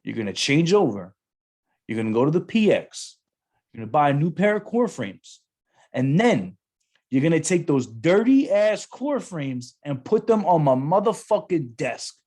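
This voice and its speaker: A man's voice: fairly high pitch, sing-song, normal speed, darkish tone, voice pushed up. A man voicing a furious, profane male sergeant major who barks incredulous orders. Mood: scolding.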